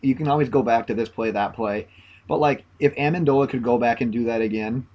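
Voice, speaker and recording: A man co-hosting a casual sports podcast, relaxed and hedging as he talks. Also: mid-range voice, brisk. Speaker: podcast co-host.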